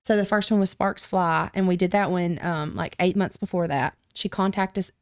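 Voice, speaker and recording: Animated woman telling a story. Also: normal speed, clean tone. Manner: animated storyteller, acts out quotes with pitch jumps. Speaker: podcast guest. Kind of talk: casual storytelling interview.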